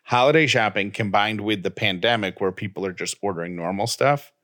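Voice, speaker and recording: Male co-host, young adult, jokey banter, low-ish voice, dry close home mic. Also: brisk, bright, forceful tone, no room sound. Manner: joking, playful bits. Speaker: podcast co-host. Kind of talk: casual chat.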